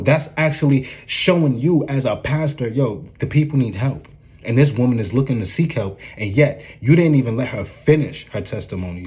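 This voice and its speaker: A man's voice: medium pitch, darkish tone. A man giving an informal, earnest preaching commentary, often checking in with "you dig what I'm saying".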